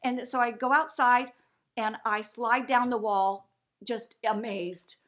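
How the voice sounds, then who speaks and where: A middle-aged woman, a guest, telling a story in a lively way and acting out the voices of the people she quotes. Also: slow. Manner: lively, acts out quoted voices with big pitch jumps. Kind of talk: animated storytelling.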